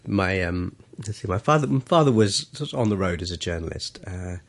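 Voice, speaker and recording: Gravelly, husky-voiced man telling wry stories. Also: sits low, lively intonation, a little fast. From grew up in Malaysia and London. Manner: humorous, self-deprecating anecdotes with frequent laughs. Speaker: interview guest, journalist and author. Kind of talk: casual storytelling interview.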